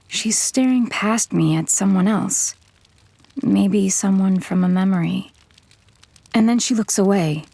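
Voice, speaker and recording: A woman narrating an audio drama in first person as a tough, terse gunslinger, in a measured, hard-bitten way. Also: medium pitch, gravelly, darkish tone, slightly rough, dry recording.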